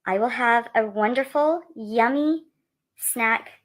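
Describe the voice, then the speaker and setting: A woman with a fairly high voice speaks calmly and in a measured way. Her tone stays soft and gentle on the surface. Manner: calm, measured, falsely gentle. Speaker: mother.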